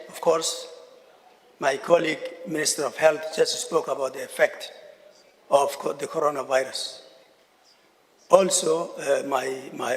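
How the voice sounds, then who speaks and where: A man, a government minister, giving a formal conference speech, measured and repeating key phrases for emphasis. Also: on the high side. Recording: long reverb of a large hall.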